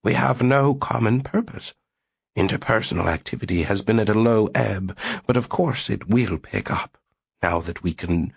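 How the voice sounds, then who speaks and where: A man's voice: lowish voice, moderate pace, gravelly, husky, no echo, pitched above the performer's own voice. A man voicing a frail, gushing elderly woman sociologist in an audiobook reading. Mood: confiding.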